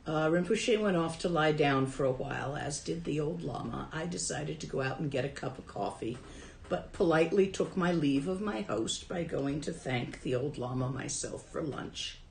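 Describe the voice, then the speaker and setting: A woman's voice: deep voice, lively intonation, normal speed, gravelly, roomy sound, a little hiss or hum, poor audio. A woman who teaches Buddhism and translates Tibetan, telling a story from her own life in a dharma talk in a casual, wry way.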